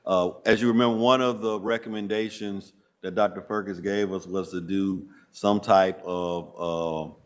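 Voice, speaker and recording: Southern-accented man, low voice. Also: steady tone, smooth. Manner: measured, hesitant with frequent uh fillers. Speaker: school district administrator. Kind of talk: answering questions at a public meeting.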